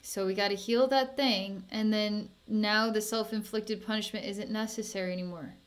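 A woman working as a psychic healer, talking softly and soothingly through an energy healing session, with sighs and small laughs. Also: mid-range voice, steady tone, normal speed.

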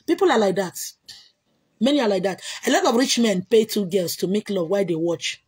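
Nigerian lady chatting on a live stream, kinda breathy voice, loud bursts, repeats herself a lot. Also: medium pitch, lively intonation, a little fast. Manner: emphatic, repetitive, bursts of loud exclamation. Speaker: livestream host answering comments. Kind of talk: casual chat.

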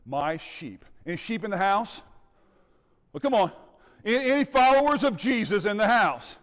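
A male pastor preaching a sermon in an animated way, acting out the scenes. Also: sits high, a little slow, in a large hall. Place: church sanctuary.

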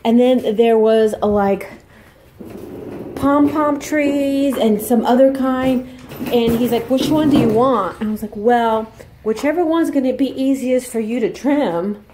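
Casting: young woman vlogger, bright higher voice, chatty and excitable, faint background hiss. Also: a little slow. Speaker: vlogger and makeup artist. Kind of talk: casual vlog chat. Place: home and yard, moving around.

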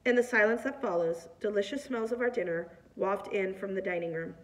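A woman reading a novel aloud, in a plain, steady way with a few small slips. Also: medium pitch, brisk, distant mic. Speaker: reader.

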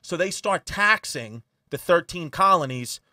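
A man with a New York accent co-hosting a comedy podcast, telling history in a crude, animated way. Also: high voice, measured pace, no echo, clean studio sound, far from the mic. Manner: profane, animated storytelling.

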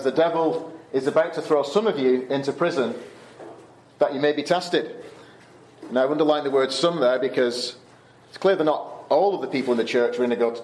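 Guy giving a bible talk to teens at camp, chatty, lots of ums and restarts, mid pitch, echoey room. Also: a little mellow, a little hiss or hum. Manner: conversational, with fillers and restarts. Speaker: camp speaker. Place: Canada.

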